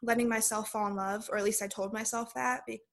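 Young woman telling her story flatly. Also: fairly high pitch, brisk, gravelly. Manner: casual, many "like" fillers. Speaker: podcast guest. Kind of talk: personal storytelling.

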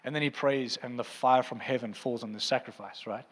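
A man's voice: medium pitch, fairly even intonation, brisk. A man preaching a sermon to his congregation, fervent and playful, teasing the room now and then. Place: church auditorium. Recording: long hall reverb in a church.

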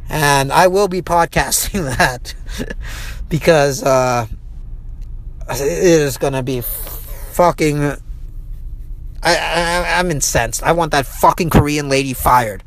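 A man's voice: a little high, takes it slowly, pauses often, no room sound. A man hosting his own podcast, telling a story in a casual, profane rant that runs heated, with frequent restarts. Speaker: podcast host. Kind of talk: casual ranting monologue. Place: inside a vehicle.

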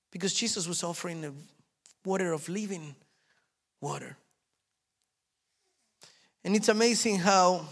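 A male pastor preaching a sermon, telling stories animatedly and repeating key phrases. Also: high voice. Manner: animated storytelling, acts out quotes, repeats phrases.

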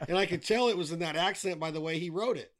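A middle-aged man with a slightly high-pitched voice chats casually as a podcast guest. He is blunt and swears freely. He rants with wry humor. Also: fast talker. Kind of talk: casual chat.

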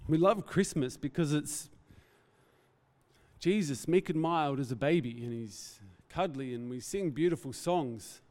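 A man's voice: fairly high pitch, measured pace, darkish tone, big-room sound. A man preaching a Christmas sermon in an earnest, reflective way, often stepping off his notes. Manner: earnest, reflective, speaks off the cuff. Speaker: pastor.

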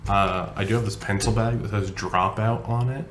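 A man's voice: fairly low pitch, fairly even intonation, moderate pace, very noisy. A young man co-hosting a podcast, chatting casually and telling stories with a chuckle. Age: young adult. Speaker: podcast co-host. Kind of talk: casual chat.

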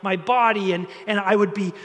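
A man's voice: sits high, steady tone, moderate pace, a bit bright, in a large hall. A man playing a proud foreign army commander who rants indignantly about being snubbed. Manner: huffy, affronted ranting.

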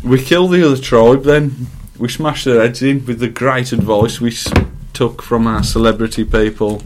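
A man's voice: mid-range voice, steady tone, normal speed, a little hiss or hum, rough recording. A man hosting a joking casual chat with friends, laid-back. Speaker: host.

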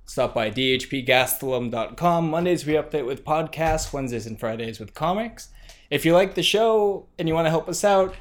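A man's voice: fairly high pitch, lively intonation, normal speed. A man hosting a casual podcast, talking in a dry, laid-back way and rattling off plugs for the show. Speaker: podcast host. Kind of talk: casual chat.

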